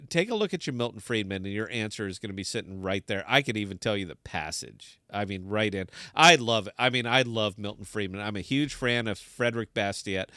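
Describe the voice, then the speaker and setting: A man hosting a live crypto stream, ranting excitably and swearing often. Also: fairly low pitch, smooth, dry recording, clean studio sound. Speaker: livestream crypto host. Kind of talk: live-stream chat and rant.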